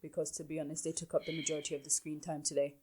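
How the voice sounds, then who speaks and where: A woman's voice: sits low, flat delivery, rapid-fire, mellow, husky. A woman hosting a casual podcast recap, blunt and exasperated in her opinions. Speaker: podcast host.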